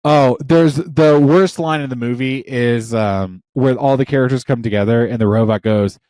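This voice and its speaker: A man in his thirties co-hosting a podcast in casual chat, rambling and excitable, swearing often, with a parent's warmth about films. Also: mid-range voice, normal speed, dry recording, studio quality. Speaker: podcast co-host.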